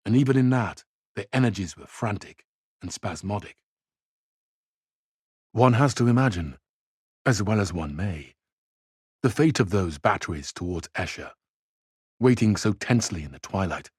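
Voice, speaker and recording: A man reading a novel aloud in a measured, grave way, dropping low and quiet at the ends of phrases. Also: lively intonation, breathy edge, no room sound, studio quality. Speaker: reader.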